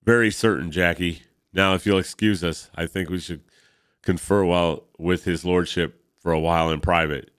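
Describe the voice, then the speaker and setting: An earnest, steady soldier hero, read aloud by a man from a comic. The voice is very low, smooth and close, in a dry space with no room sound. He speaks calmly and with resolve. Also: moderate pace, dry recording. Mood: courteous. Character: heroic middle-aged American soldier, steady, earnest.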